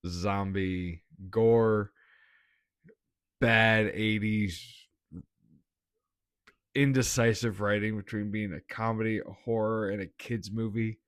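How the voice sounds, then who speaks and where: A man's voice: fairly low pitch, clear, resonant tone, dry recording, studio quality. A man giving a casual, blunt movie review, laughing often and swearing.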